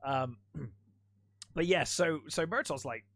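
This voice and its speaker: A man's voice: fairly high pitch, slow, fairly bright tone, dry recording. A man co-hosting a casual film discussion podcast, retelling scenes and swearing casually. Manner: retells scenes with acted-out quotes. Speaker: podcast co-host.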